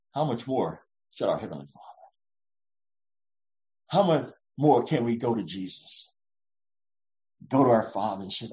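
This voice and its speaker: Lady pastor preaching casual, voice jumps all over, lo-fi muffled sound. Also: rumbling low. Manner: warm, reassuring, often acts out voices. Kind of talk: conversational sermon. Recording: dull lo-fi recording.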